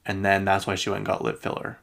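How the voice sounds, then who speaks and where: A man's voice: low voice, monotone, fast, vocal fry, a bit bright. A man hosting a pop-culture podcast, chatting in a rambling, opinionated way with lots of fillers and restarts. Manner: rambling, heavy use of "like" and restarts; opinionated, mildly exasperated. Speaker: podcast host. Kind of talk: casual pop-culture chat.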